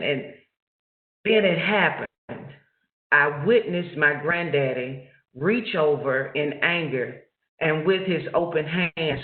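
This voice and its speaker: A man slowly and reflectively telling a personal childhood story during a webinar, heard over a video call. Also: on the high side. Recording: echoey, phone-like call audio.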